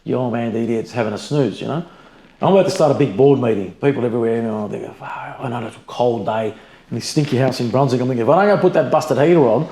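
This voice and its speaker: Speaking quickly in a mid-range voice, this middle-aged Australian man, who founded a business, spins blunt, animated stories in a relaxed interview. He swears without hesitation and keeps saying "mate" and "you know." The room is echoey, with a slight hiss or hum.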